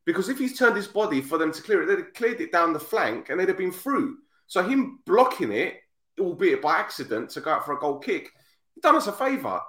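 Animated storyteller with a lively pitch. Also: male voice, a little fast, roomy sound. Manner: animated storyteller, acts out voices, repeats himself. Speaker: podcast host. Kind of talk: casual football podcast chat.

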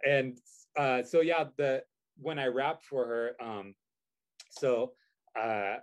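A man's voice: mid-range voice, slow. A man telling a story in casual chat, rambling with many fillers and restarts. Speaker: guest.

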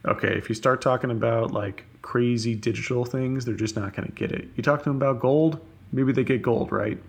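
Gravelly-voiced man talking casually on a call. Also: mid-range voice, fairly even intonation. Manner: fast, filler-heavy talk with many restarts. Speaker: podcast guest. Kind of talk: casual conversation. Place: home office on a video call. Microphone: video call.

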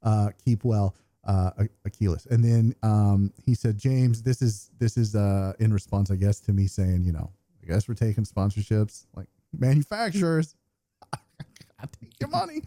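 This American man has a lowish, dark voice and talks at a moderate pace with hardly any pauses. As a podcast co-host, he chats loosely and reads listener feedback, cursing and poking fun at himself. The audio, from a remote call at home, has no echo.

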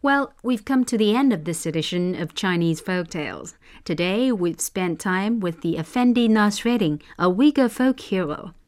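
A woman hosting and narrating folk tales in a measured, expressive scripted reading. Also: medium pitch. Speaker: storyteller host.

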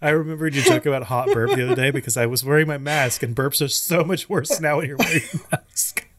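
A man's voice: on the high side, fast talker, background noise. A man co-hosting a movie podcast, joking through outtakes and laughing often. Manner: jokey, laughs often, mock-dramatic. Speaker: podcast co-host. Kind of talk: casual banter, outtakes.

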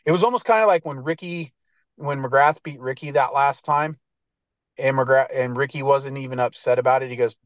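Guy chatting loose and slangy, lots of uh and you know, mid pitch, dead dry audio. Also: moderate pace, no room sound. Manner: laid-back and slangy, lots of fillers and restarts. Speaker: guest editor. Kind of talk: casual podcast chat.

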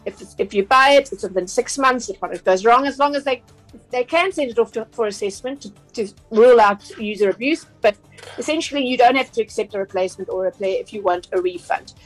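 A South African woman with a somewhat high voice talks through consumer advice on a radio show. She is chatty and explanatory, full of fillers and quick restarts. Faint music plays underneath. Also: rough recording. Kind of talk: radio talk segment.

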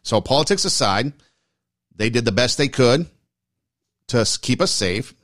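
This talk show host has a mid-range, fairly bright voice with lively intonation and an unhurried pace, captured dry and clean in a studio. His casual commentary is conversational and emphatic, with frequent repetition and rephrasing.

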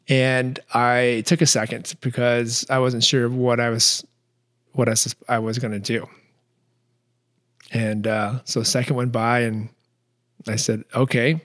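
A man hosting a podcast, telling a personal story in a reflective, earnest way with frequent restarts. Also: medium pitch. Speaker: podcast host.

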